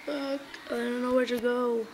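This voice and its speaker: A woman's voice: on the high side, level tone, moderate pace, over music, low-quality recording. A woman giving casual let's-play commentary on a horror game, jittery and swearing often, repeating her exclamations. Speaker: gamer playing a horror game.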